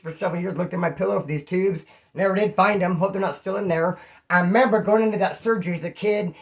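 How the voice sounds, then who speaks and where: A man from California with a slightly hoarse voice, casually telling rambling stories to his channel's viewers. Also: sits high. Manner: slangy, rambling, calls listeners homeboy. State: throat issue, slightly hoarse. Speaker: vlogger. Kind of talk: casual storytelling to camera.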